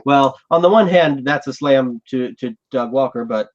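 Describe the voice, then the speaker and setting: A man's voice: mid-range voice, normal speed. Man hosting a podcast, dull lo-fi sound. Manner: thoughtful, rambling with fillers. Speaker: podcast host. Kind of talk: casual live chat.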